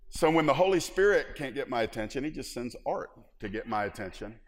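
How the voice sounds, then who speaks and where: A middle-aged man preaching in a church with a mid-range voice. He is animated and funny, slipping into little acted-out scenes. A long reverb from the sanctuary trails behind his words. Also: medium pitch, a little fast, hardly any pauses. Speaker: pastor. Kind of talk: sermon.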